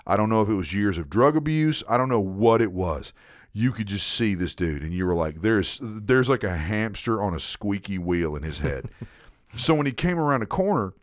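A man hosting a podcast, telling a story in a casual, animated way with frequent repeats. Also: lowish voice, no room sound, studio quality. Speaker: podcast host.

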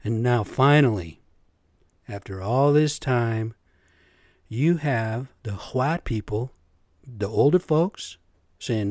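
A man's voice: medium pitch, slow pace, pauses often, a little mellow, no room sound, clean studio sound. A middle-aged man hosting a solo podcast, ranting bluntly and profanely in an exasperated way, talking straight to his listeners. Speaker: podcast host. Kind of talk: opinionated solo podcast rant.

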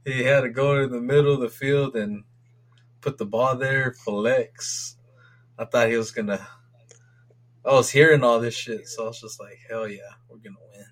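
A man co-hosting a casual sports podcast, rambling and swearing excitably as he rants about his team's games. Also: mid-range voice, normal speed. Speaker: podcast co-host.

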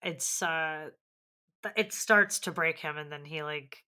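Bright-voiced woman in rambling casual chat. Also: deep voice, unhurried. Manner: rambling, swears, heavy use of "like", acts out quotes. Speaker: podcast co-host.

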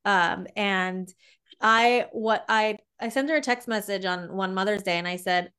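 A woman guest tells stories in a casual conversation, laughing easily along the way. Her voice is smooth and resonant at a middle pitch. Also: fairly even intonation, a little slow, a bit bright. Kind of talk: casual chat.

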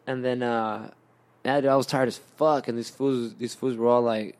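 A man's voice: mid-range voice, moderate pace, darkish tone. A young man telling a long story in casual chat, slangy and profane, with lots of restarts. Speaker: podcast guest telling a story.

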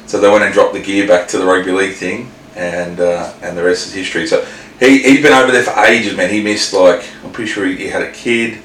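A man's voice: low voice, steady tone, fairly quick, fairly bright tone. A man with an Australian accent, co-hosting a casual podcast chat, rambling and swearing with many restarts. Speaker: podcast co-host. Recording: roomy, distant mic with faint noise.

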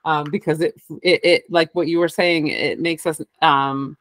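A woman's voice: deep voice, steady tone, unhurried, a bit bright, no room sound. A woman co-hosting a casual chat, speaking hesitantly with "um" and restarts. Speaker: podcast co-host.

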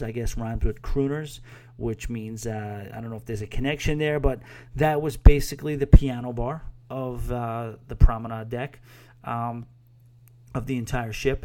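A man's voice: mid-range voice, mellow. A man hosting a podcast, rambling casually through a review with crude asides and self-mocking laughs into a microphone. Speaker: podcast host.

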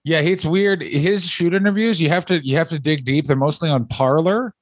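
A man with a fairly high voice riffs crude jokes on a comedy podcast. He jumps from bit to bit and drops into silly put-on voices. The sound is dry and close to the mic. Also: moderate pace, no room sound. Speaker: podcast co-host.

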